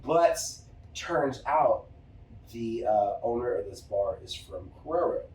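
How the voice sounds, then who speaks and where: A man's voice: mid-range voice, takes it slowly. A man hosting a podcast, telling a casual story with lots of swearing and acting out the people in it. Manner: animated, profane, acts out other people in anecdotes. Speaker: podcast host. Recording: roomy room, distant mic.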